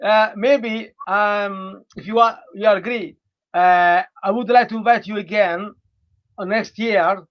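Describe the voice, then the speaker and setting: High-voiced hesitant man on a dull call line. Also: fairly even intonation. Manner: hesitant, many fillers, halting non-native phrasing. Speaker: interview host, relationship coach. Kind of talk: hosting a live online interview. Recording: dull lo-fi online call audio.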